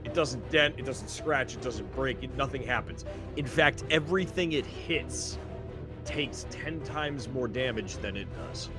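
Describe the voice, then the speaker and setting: A man narrating a tabletop horror game as game master, slowing to a hushed tone for suspense. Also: mid-range voice, music in the background.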